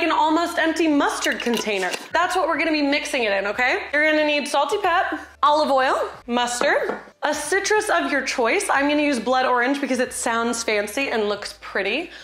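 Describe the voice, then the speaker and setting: A woman's voice: sits high, a bit bright, echoey room. A woman hosting a casual cooking tutorial at home, talking in a bubbly, playful, chatty way. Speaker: cooking video host. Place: home kitchen.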